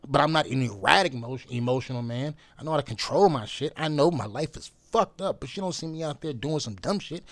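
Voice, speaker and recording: A man talking bluntly and profanely in a casual vlog monologue. He repeats phrases for emphasis and swings between loud outbursts and low mutters. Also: lively intonation, fairly quick, few pauses, no room sound. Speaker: vlogger.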